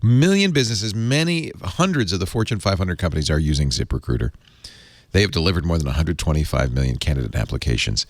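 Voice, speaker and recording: Lively middle-aged man hosting a podcast. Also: deep voice, fast talker, no echo. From Rhode Island. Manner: animated, rambling ad delivery with restarts. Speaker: podcast host. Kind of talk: casual tech podcast chat and live ad read.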